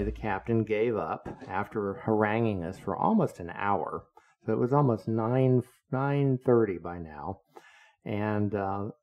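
An older man, a retired navy officer and author, recounting his service memories in a blunt, profane, indignant way. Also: on the low side. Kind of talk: casual spoken memoir storytelling.

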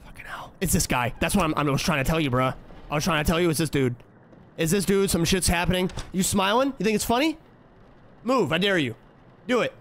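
A young man playing a horror game on stream. He trash-talks the on-screen figures in a fairly high voice and breaks into frantic yelling when startled. A faint hum of ambience sits behind him. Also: expressive, fairly quick. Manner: profane, trash-talking, jumps to frantic yelling when scared. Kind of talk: horror game let's-play commentary.

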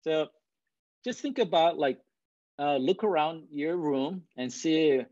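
This man, a non-native English speaker, presents to an audience as a guest speaker, talking slowly and expressively in a high-leaning, darkish voice. He chats casually, checks in with "right?" a lot, and laughs at himself occasionally. The recording is dry and lo-fi.

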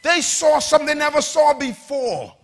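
A man preaching a sermon. He leads the congregation in call-and-response, spells out words for them and builds up to shouts. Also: very high-pitched, expressive, moderate pace.

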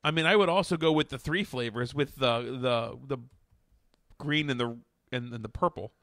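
A man's voice: mid-range voice, normal speed, fairly bright tone, no room sound, studio quality. A man co-hosting a podcast, bantering bluntly with jokes and casual swearing. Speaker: podcast co-host. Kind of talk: casual chat.

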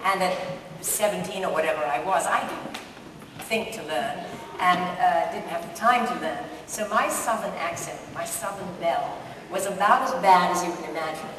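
An older woman with a lowish voice and moderate pace tells amused, self-deprecating anecdotes as a guest at a live interview, laughing often. She's in a large book-festival hall with an audience, and the distant, echoey recording has a noisy background.

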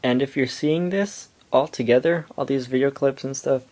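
A teenage boy rambling through a casual home vlog into his iPod camera, halting and full of fillers. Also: mid-range voice, mellow. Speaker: vlogger.

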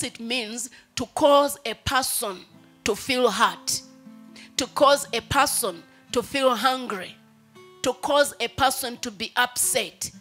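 A woman pastor with a Ugandan English accent delivers a sermon in a bright, sharp voice. She sits high in her register and voices a baby's pleas now and then. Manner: preaching, acts out a baby's pleas in quoted lines.

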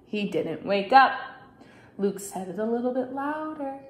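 Brief: young female teacher, storybook read-aloud, slow and bouncy, roomy echo. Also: mid-range voice. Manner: expressive read-aloud with big shouted character lines. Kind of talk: reading a picture book aloud to children. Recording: echoey room.

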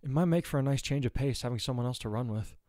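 A man's voice: medium pitch, fast, no echo, clean studio sound, voice pushed up, close to an everyday voice. A man voicing a kind, earnest teenage hero boy. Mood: gentle. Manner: gentle and apologetic.

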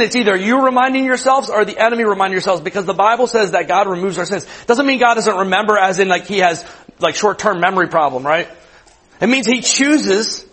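A man's voice: high-pitched, a bit bright, low-quality recording. A man in his late thirties, a youth pastor, preaching a conversational sermon to students, repeating words and asking the room questions. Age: 30s.

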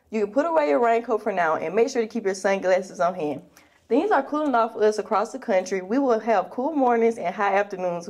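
A woman's voice: mid-range voice, darkish tone. A woman reading the weather forecast for a student news show.

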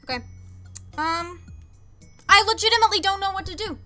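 A woman's voice: very high-pitched, a little fast, pushed and bright, soft background music. A young woman streaming a game, chatting casually with viewers, reading chat aloud and making exasperated asides. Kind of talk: casual live-stream chat while gaming.

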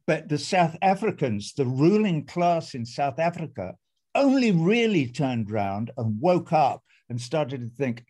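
A man's voice: on the high side, very animated, moderate pace, a little mellow, breathy edge. A man giving an impassioned, emphatic speech as an activist guest on a video call, repeating phrases for force.

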